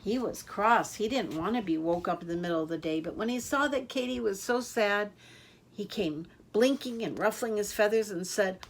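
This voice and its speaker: An older woman reading a children's picture book aloud in a lively, expressive way. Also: mid-range voice, moderate pace. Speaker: storyteller. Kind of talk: children's story read-aloud.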